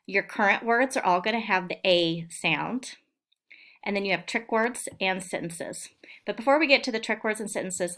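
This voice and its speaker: A woman teacher talks young children through a phonics lesson recorded for home learning. She speaks slowly and clearly and stretches out the sounds in each word. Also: mid-range voice, a bit bright. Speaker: elementary school teacher.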